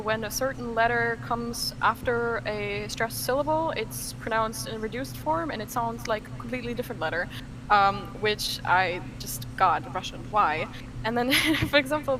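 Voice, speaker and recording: A young woman from Germany, a podcast guest in casual chat, animated, laughing often, full of fillers and restarts. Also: fairly high pitch, moderate pace, background noise.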